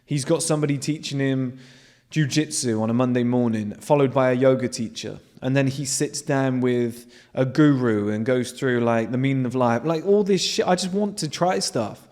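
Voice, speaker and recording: A man with an animated manner, hosting a casual monologue to his viewers and swearing freely. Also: medium pitch, normal speed. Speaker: host.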